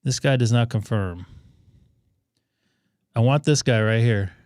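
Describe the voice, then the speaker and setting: A man's voice: medium pitch, unhurried, a little mellow, no room sound, clean studio sound. A man hosting a ham radio live stream, chatting casually and thinking aloud with plenty of fillers.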